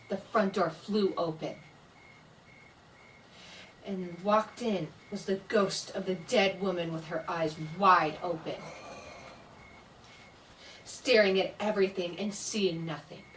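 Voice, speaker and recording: Slow spooky woman storyteller. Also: lowish voice, fairly even intonation, far from the mic, slight background noise, low-quality recording. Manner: slow spooky delivery with voiced sound effects. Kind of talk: dramatic scary-story reading.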